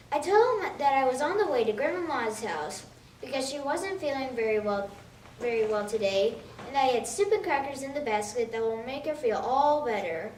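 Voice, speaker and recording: A woman giving an expressive, childlike storytelling monologue. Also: high-pitched, normal speed. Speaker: reader of a monologue. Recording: echoey room from a distance with faint noise.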